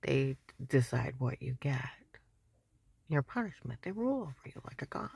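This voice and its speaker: A woman telling a rambling personal story in an agitated, repetitive way, often dropping to a breathy whisper. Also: very deep voice, very animated, moderate pace, a little mellow, dry recording.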